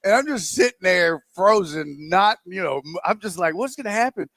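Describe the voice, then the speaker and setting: A man co-hosting a sports talk radio show, telling a rambling, animated anecdote with acted-out quotes into a close studio microphone. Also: sits high, normal speed, no room sound.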